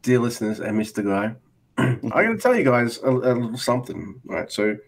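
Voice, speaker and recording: A man's voice: mid-range voice, very animated, fairly quick. Rambling Australian podcast guy. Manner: rambling, swears freely, acts out both sides of conversations. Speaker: podcast co-host. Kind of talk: casual chat.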